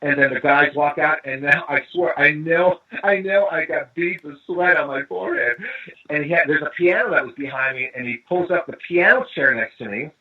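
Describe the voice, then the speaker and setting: A man's voice: fairly high pitch, moderate pace. A man from East Los Angeles, a drummer guesting on an interview, telling a long anecdote and acting out the voices of the people in it, heard over a phone line. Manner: lively storyteller acting out quoted dialogue. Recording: tinny phone-line call.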